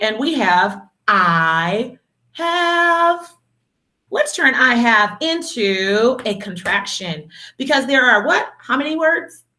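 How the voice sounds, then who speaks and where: A woman teaching a video lesson to young children, speaking in a slow, encouraging, sing-song way and calling them her dears and superstars. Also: fairly high pitch, sharp tone. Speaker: kindergarten teacher.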